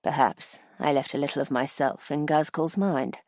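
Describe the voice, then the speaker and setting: A woman's voice: low-pitched, normal speed, a little mellow, dry recording, clean studio sound. Woman voicing a wry, hardened interrogator. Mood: coaxing. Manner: coaxing with acid sweetness.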